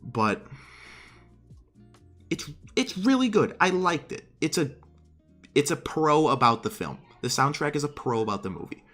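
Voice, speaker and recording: A man in his twenties streaming, giving casual commentary in an animated, exasperated rant with some swearing. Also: a little high, unhurried, pauses often, faint music behind. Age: 20s.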